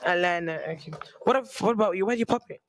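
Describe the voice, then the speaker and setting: A woman with a Nigerian accent hosting a dating game show, brisk and teasing as she directs contestants. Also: mid-range voice.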